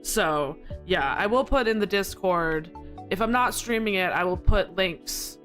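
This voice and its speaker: A woman's voice: animated, a little slow, fairly bright tone, soft background music. Giggly rambling woman streamer. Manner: giggly, rambling, with frequent laughter; squeaky high protests when flustered. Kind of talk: casual live-stream chat.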